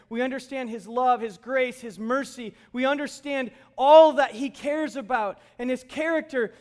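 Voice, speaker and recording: High-voiced man preaching casually. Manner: conversational, joking with the congregation. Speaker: pastor. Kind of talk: sermon.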